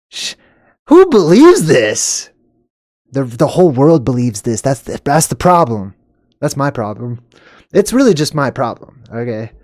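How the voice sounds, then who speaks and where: A man with a mid-range voice swoops wildly in pitch, keeping a measured pace and pausing often. He hosts a video, talking casually and rambling over news clips, chuckling and swinging from loud remarks to muttered asides. The audio is studio quality with no room sound.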